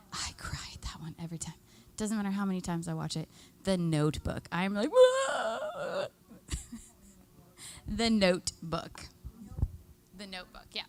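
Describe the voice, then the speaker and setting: A woman's voice: medium pitch, a bit bright. A woman giving a live workshop to seniors, chatty and upbeat, leading the group through exercises and laughing often. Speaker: extension educator.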